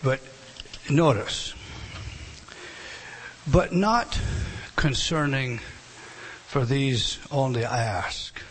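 A man's voice: mid-range voice, animated, drawn-out words, pauses often, slight background noise. A man giving a verse-by-verse Bible lesson, emphatic, with chatty asides to his class. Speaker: Bible teacher.

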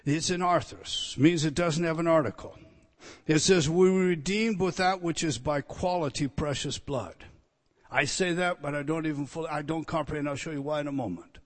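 A man delivering a sermon with a slightly higher-pitched voice. He is earnest and emotional, sometimes speaking softly as if moved, then pressing points with loud, emphatic force. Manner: swings between quiet, tender asides and loud emphatic declarations. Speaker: preacher.

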